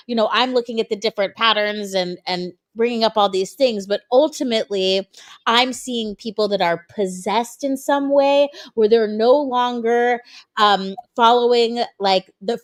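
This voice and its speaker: Female guest, higher voice, loose rambling talker who apologizes a lot. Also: dry recording, studio quality. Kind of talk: casual chat.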